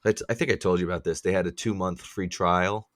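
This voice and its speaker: A man with a low voice rants and swears through a casual podcast chat, his complaints running on and on. The recording is close and dry, with no room sound. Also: fast, dry recording. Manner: profane, ranting, animated complaints. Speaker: podcast co-host.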